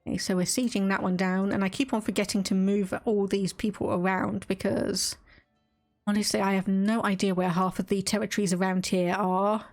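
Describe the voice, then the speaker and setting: Faint music plays behind a woman with a darkish, medium-pitched voice that moves little in pitch, at a moderate pace. In her Estuary English accent, she casually chats, laughs and reads out game text while streaming a strategy game.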